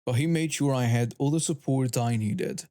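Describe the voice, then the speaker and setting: A man giving a steady, scripted first-person narration of a story. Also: mid-range voice, normal speed.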